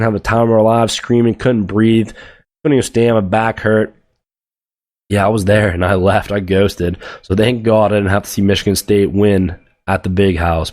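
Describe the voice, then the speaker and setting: A man's voice: on the low side, darkish tone. Fired-up, profane young male sports podcaster. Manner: fired-up, blunt and profane, ranting at players and media. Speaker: podcast host. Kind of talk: solo sports podcast rant.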